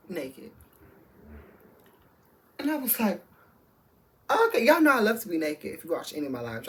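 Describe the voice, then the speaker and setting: A woman telling a candid, profane storytime to her viewers, chatty and addressing them directly. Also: low voice. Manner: chatty, many fillers and restarts. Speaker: vlogger. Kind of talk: storytime vlog.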